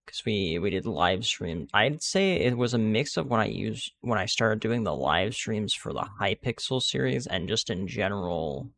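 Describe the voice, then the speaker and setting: A man with a lowish, gravelly voice chats his way through a video game. His delivery is animated in pitch but loose, full of restarts and filler words. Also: moderate pace, few pauses, no room sound. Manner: rambling, restarts sentences, many fillers. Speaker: gaming video creator. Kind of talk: casual gameplay commentary.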